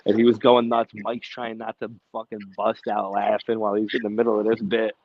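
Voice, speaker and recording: His voice sits on the low side with little pitch movement and a slightly fast pace, while the highs are cut off and background noise is present. He's a brash podcast co-host telling profane stories in casual chat, cursing nonstop and shouting out quoted lines.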